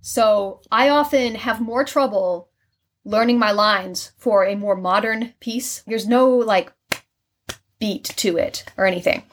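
A woman's voice: medium pitch, slow. A woman who acts Shakespeare, talking casually and explaining her craft with many fillers. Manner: chatty, animated, many fillers. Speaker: Shakespeare actor, guest. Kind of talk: casual conversation.

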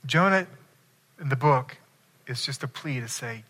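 Bright-voiced male preacher. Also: medium pitch, animated, measured pace. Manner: emphatic, asks the congregation questions. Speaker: pastor. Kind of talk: sermon.

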